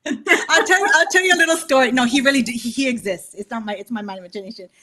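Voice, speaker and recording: A woman's voice: a little high, fast talker, bright, forceful tone, slight background noise. A woman from Texas, a guest musician chatting casually in a radio interview and telling stories with frequent laughter. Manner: chatty storyteller, laughs often.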